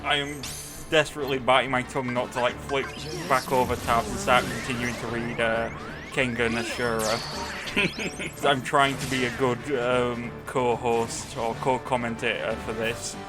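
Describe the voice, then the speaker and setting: A man's voice: medium pitch, little pitch movement. A man co-commentating a video game playthrough in casual chat, sarcastic and given to swearing. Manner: sarcastic, swearing, slow and deliberate. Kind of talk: casual let's play commentary. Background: game music.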